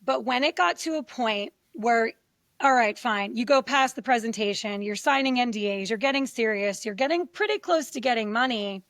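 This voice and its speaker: A woman's voice: on the high side, normal speed, dry recording, clean studio sound. A middle-aged woman, a podcast guest, telling her story candidly and acting out quoted voices as she goes. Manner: animated, acts out quoted voices.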